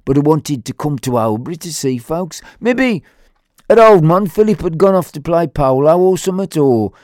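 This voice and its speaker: This Black Country-accented man has a slightly high, animated, a little mellow voice and talks at a moderate pace. His humorous story meanders chattily, stuffed with fillers and voices he quotes. It's studio quality, with no echo.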